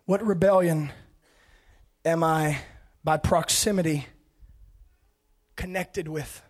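A man preaching an impassioned sermon, swinging between fervent shouting and hushed, quiet passages. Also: fairly high pitch, slow pace.

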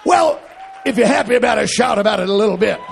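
A man preaching a fervent sermon in church, calling out to the congregation and shouting with rising intensity. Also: sits high, animated, fast, vocal fry, a faint crowd, a little hiss or hum.

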